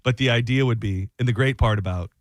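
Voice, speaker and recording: A man's voice: medium pitch, fast, no room sound. A man hosting a sports talk radio show, loose and rambling with frequent restarts.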